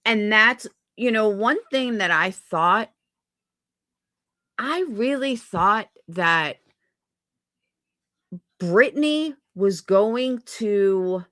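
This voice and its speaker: A woman's voice: medium pitch, expressive, extremely slow, long pauses, sharp tone, no room sound. A woman streamer venting in an angry, profane rant on a livestream. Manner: heated, profane, repetitive venting. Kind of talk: angry ranting livestream commentary.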